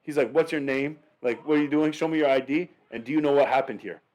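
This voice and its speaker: A young man co-hosting a podcast, telling a story in a lively way, swearing and acting out shouts. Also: fairly high pitch, quick pace. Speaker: podcast co-host. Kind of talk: casual chat.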